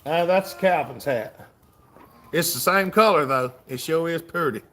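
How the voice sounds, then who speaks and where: A Southern-accented man hosts a casual livestream, reading viewer comments aloud in a folksy drawl. His voice is fairly high-pitched and fairly bright, and he speaks a little slowly.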